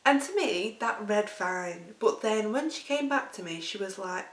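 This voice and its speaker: Animated and measured, her mid-range voice flows on with few pauses. This Lancashire woman vlogs about losing weight, chatting and laughing through rambling anecdotes, and the recording is roomy and distant from the mic.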